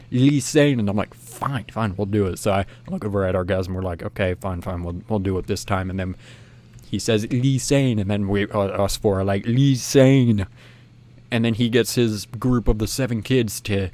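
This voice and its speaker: A young man with a low-pitched voice recounts a story in casual, chatty fashion. He rambles, restarts his sentences and leans on fillers as he goes. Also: a little mellow. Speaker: channel host.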